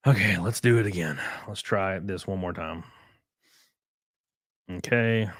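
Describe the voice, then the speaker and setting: This race car driver runs a casual livestream in a low, fairly bright voice, speaking unhurriedly. The sound is studio quality with no room sound as he rambles, swears, jokes, and reads viewer comments.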